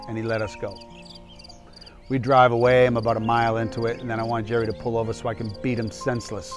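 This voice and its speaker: A man's voice: mid-range voice, flat delivery, fast talker, over music. A man in his fifties, a doctor and public speaker, telling a personal cautionary story in an emphatic, candid, conversational way.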